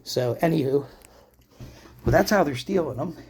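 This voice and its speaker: With lively intonation and a moderate pace, a man in his forties speaks in a somewhat high, darkish voice. He's a Pennsylvania vlogger ranting angrily and profanely to camera while smoking, calling his viewers "people."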